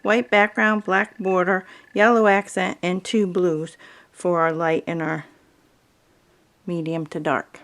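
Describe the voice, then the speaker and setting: A woman teaching a quilting tutorial in a calm, explanatory way, talking through fabric choices as a voice-over. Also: on the low side, slow. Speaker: quilting instructor. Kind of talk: video tutorial narration.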